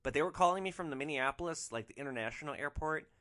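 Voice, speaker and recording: A man hosting a podcast, telling a rideshare anecdote in a casual, animated way with casual swearing. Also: a little high, fast. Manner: animated, swearing, frequent "like" fillers. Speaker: rideshare driver podcast host.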